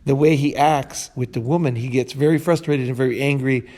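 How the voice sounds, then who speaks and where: Blunt rambling man, dark mellow voice. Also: medium pitch, steady tone, fairly quick. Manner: blunt, rambling, with restarts and swearing. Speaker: host. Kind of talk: casual podcast chat.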